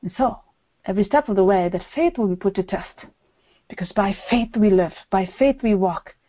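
A woman's voice: mid-range voice, normal speed, highs cut off. A woman preacher giving a sermon, emphatic, repeating phrases and posing rhetorical questions.

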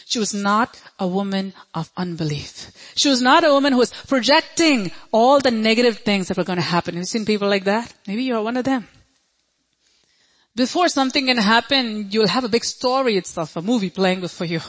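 A woman's voice: a little high, expressive, fairly quick, poor audio. A woman preaching a sermon, emphatic and repeating her key phrases, with questions put to the congregation.

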